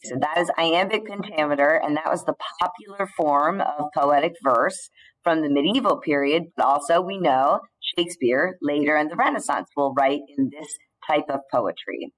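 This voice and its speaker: A female teacher delivers a recorded slide lecture in a measured way, with occasional fillers and restarts. Her voice sits low, and the recording quality is poor.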